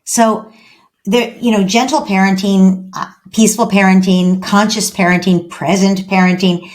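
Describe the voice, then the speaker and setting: A woman guest on a parenting podcast, explaining calmly and acting out little dialogues as she goes. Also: mid-range voice, normal speed. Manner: calm, explanatory, acts out quoted dialogue. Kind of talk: podcast interview.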